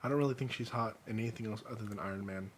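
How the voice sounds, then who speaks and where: A man's voice: fairly low pitch, rapid-fire, a little hiss or hum. A man co-hosting a casual podcast, joking and laughing often as he drifts between topics. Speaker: podcast co-host. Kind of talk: casual chat.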